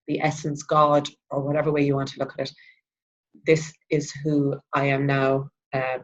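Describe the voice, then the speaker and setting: A woman's voice: low voice, slightly rough. A woman, a spiritual mentor, talking through a weekly card reading in a chatty, rambling way with many restarts. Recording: dull lo-fi sound.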